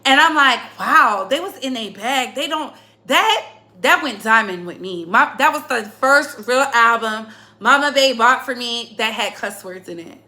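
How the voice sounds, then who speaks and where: Casting: young woman host, high bright voice, unhurried and playful. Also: animated. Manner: laughs often, chatty and playful. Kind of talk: casual chat about music.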